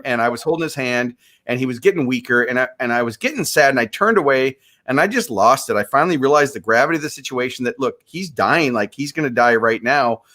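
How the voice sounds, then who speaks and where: Earnest man in his fifties, slightly high. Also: a bit bright. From USA, Minneapolis. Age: 50s. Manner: earnest, motivational, repeats words when starting sentences. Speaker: guest. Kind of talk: conversational storytelling.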